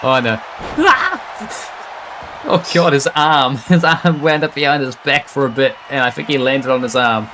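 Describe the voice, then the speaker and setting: A man calling a wrestling match live, excitable and quick to laugh and exclaim. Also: mid-range voice, very noisy. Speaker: wrestling commentator. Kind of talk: live play-by-play commentary.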